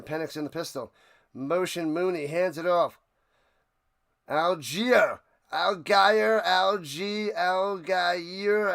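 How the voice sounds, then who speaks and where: A man hosting a live stream, giving play-by-play commentary and chatting with viewers, erupting into loud excitement on big plays. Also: on the high side, gravelly. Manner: chatty, answers viewers' questions. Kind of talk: play-by-play commentary with chat banter.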